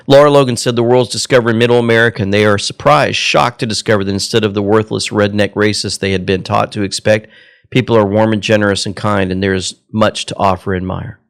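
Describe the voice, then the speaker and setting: A man's voice: fairly low pitch, steady tone, quick pace, creaky, clear, resonant tone. A man from Georgia hosting a commentary show. He speaks earnestly and emotionally, calls his listeners folks, and leads a prayer. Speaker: host.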